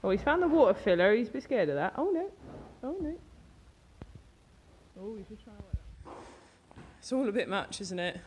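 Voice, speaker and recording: A woman's voice: medium pitch, big pitch swings, normal speed, pauses often, darkish tone, slight background noise. A woman vlogging casually at a horse yard, chatting fondly to the animals. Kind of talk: casual vlog chat. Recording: background music playing.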